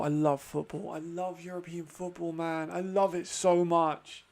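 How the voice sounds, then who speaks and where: High-voiced excitable man watching football. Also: unhurried, gravelly, few pauses. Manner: excitable, swears often, laughs a lot. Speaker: football watch-along host. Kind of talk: excited live commentary and chat.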